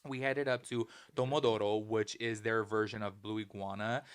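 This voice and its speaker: Animated man telling a story. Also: on the low side, normal speed, smooth. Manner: animated, acts out other people's lines in raised voice. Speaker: podcast co-host. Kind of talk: casual chat storytelling.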